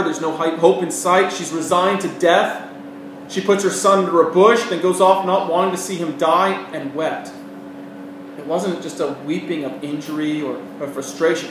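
A man delivers a sermon in an earnest preaching voice, swelling for emphasis and dropping for quiet asides. His voice sits a little high. The mic is set back, in a very echoey room with faint noise behind. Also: distant mic. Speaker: pastor.

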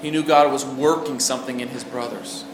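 A man's voice: medium pitch, fairly even intonation, brisk. A man preaching a sermon in an earnest way, asking the listeners questions as he goes. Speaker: pastor. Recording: roomy echo with faint background noise.

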